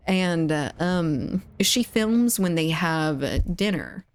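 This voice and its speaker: A woman's voice: fairly low pitch, expressive, slow pace. A woman streaming a game, chatting casually and giggling as she reads chat aloud.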